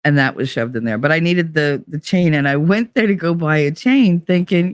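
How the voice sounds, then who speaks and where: A middle-aged woman from Hoboken, telling personal stories in a blunt, profane, animated way as a podcast host. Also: sits low, normal speed, dry recording, clean studio sound. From Hoboken, New Jersey. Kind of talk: casual storytelling.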